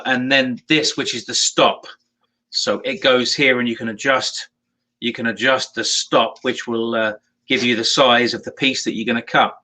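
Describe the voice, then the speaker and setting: A man's voice: mid-range voice, pushed and bright, rough recording. A man co-hosting a casual show, easygoing as he explains his woodworking jigs. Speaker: co-host. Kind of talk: casual chat.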